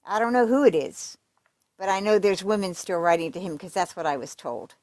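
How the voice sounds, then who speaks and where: A woman's voice: mid-range voice, a little fast, darkish tone, dry recording. Woman reading letters in casual commentary. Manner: conversational, fillers and restarts, emphatic asides. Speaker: true crime commentator.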